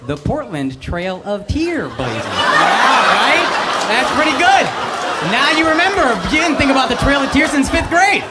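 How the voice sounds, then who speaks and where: Brash male stand-up comic in his thirties, high lively voice, on a handheld mic over roaring crowd laughter. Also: normal speed, heavy background noise. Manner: brash, profane, mocking delivery. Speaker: stand-up comedian. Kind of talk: stand-up comedy set. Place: comedy stage before a live audience. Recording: live show with loud crowd laughter.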